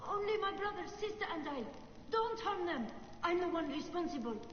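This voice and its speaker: A pleading child from a video game, with a very high, thin voice. It sounds distant and roomy, with a long reverb and dulled sound. The child begs for a captured protector. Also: expressive, normal speed, lo-fi sound, a little hiss or hum. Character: young Egyptian child, pleading and scared. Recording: game audio picked up from speakers, echoey and far off.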